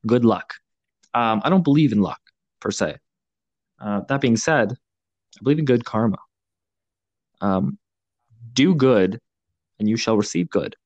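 A young man hosting a podcast, talking in an earnest, reflective way, pausing often with fillers. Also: mid-range voice, expressive, a little mellow, dry recording, muffled recording. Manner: earnest, thoughtful, halting with many fillers. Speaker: podcast host. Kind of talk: reflective casual podcast talk.

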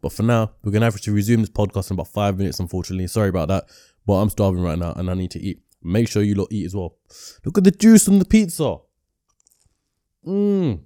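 Male podcast host, low mellow voice, fast relaxed chat. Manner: easygoing, frequent yeah-yeah backchannels.

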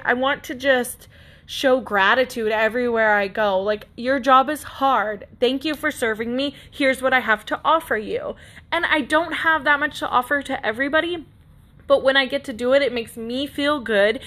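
A woman's voice: fairly high pitch, bright, forceful tone. A woman in her thirties hosting a podcast, telling a personal story in an earnest, rambling way with frequent restarts. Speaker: podcast host. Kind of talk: casual personal monologue.

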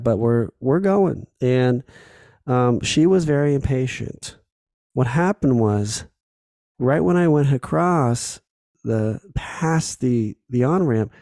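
Male podcast host, casual and candid, swears a lot, gravelly and dry-sounding. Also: mid-range voice, dark tone, no echo. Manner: candid, swears freely, acts out little scenes. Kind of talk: casual solo podcast talk.

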